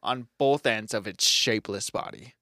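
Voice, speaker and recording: A man's voice: on the low side, normal speed, sharp tone, no room sound, studio quality. A young man co-hosting a casual podcast, reading facts aloud in a laid-back way, swearing and laughing as he goes. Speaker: podcast co-host.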